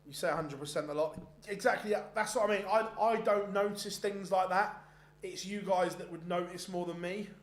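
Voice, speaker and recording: A man's voice: high voice, fairly even intonation, normal speed. A man hosting a darts stream, chatting casually and rambling with frequent restarts between bits of live commentary. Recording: roomy echoey sound.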